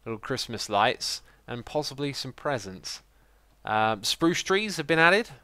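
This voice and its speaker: A man chatting casually as he streams a game, excitable and quick to laugh. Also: medium pitch, no room sound. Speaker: livestreaming gamer. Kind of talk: casual gameplay commentary.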